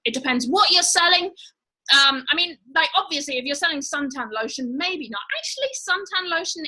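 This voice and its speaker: A woman's voice: high-pitched, sharp tone, rough recording. A woman hosting a live online show, chatting casually with viewers in a bubbly way with lots of fillers. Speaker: livestream host.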